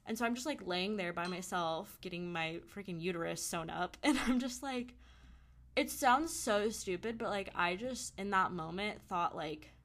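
A young woman speaks as a podcast guest, telling her story in a loose, chatty way. Her pitch sits in the middle, and she drops "like" into most sentences and acts out what others said. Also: normal speed. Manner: chatty, heavy use of "like", quotes others in lively voices. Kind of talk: casual storytelling.

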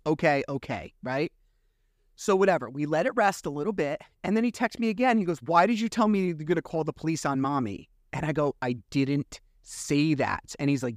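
A man's voice: on the high side, no room sound, studio quality. Man venting on his podcast. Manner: animated storytelling, acts out dialogue; frustrated, venting. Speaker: podcast host. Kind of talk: casual monologue.

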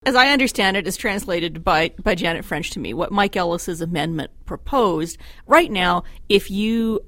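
A woman columnist on a panel, telling stories in an animated, theatrical way with many restarts. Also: fairly low pitch, moderate pace, no echo, clean studio sound. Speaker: political columnist guest. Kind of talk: casual panel chat.

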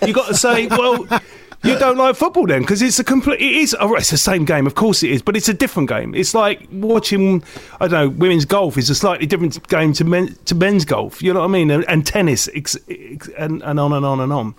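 A man co-hosting a casual chat podcast, airing opinions in an animated, rambling way with stammered restarts and laughter. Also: a little high, brisk, no echo. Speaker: podcast co-host.

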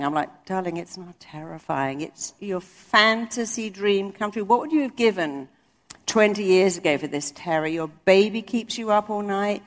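A woman's voice: mid-range voice, expressive. A woman giving a motivational talk to a live audience, emphatic and declarative. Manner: emphatic, declarative, quick asides. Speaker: motivational speaker. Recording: long hall reverb.

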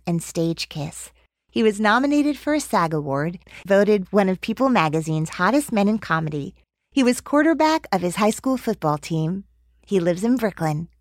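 A woman hosting an interview, asking lively, teasing questions and laughing easily. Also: fairly low pitch, no echo, clean studio sound. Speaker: interview host. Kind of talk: interview conversation.

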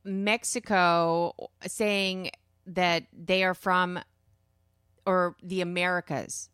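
A woman's voice: lowish voice, flat delivery, slow pace, fairly bright tone, clean tone, no room sound, studio quality. A woman co-hosting a talk show, chatting, teasing and cutting in during casual banter. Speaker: podcast co-host.

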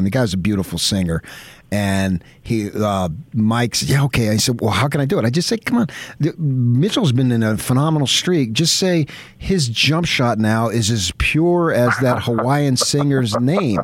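A man's voice: mid-range voice, expressive, normal speed, dry recording. Chatty sports radio host, man. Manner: enthusiastic, rambling storyteller. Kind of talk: casual radio chat.

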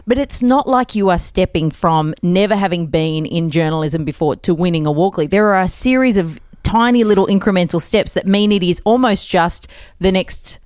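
Chatty woman host, smooth voice. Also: on the low side, expressive, moderate pace, darkish tone, no echo, studio quality. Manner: musing, chatty, with hesitant restarts. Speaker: interview host. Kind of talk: conversational interview.

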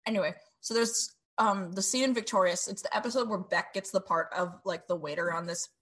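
A woman's voice: mid-range voice, a little fast. A woman co-hosting a podcast, recapping a show in casual, profane chat. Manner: laughing, profane, lively recapping. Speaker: podcast co-host.

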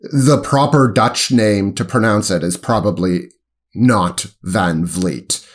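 This man, a sports writer who co-hosts a podcast, has a low voice and speaks in a halting, hesitant way during casual chat, with lots of ums and frequent self-corrections.

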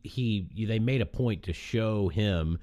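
A man's voice: fairly low pitch, takes it slowly, no echo. A man co-hosting a podcast in casual chat, telling stories with emphatic energy. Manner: animated, emphatic storytelling. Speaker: podcast co-host.

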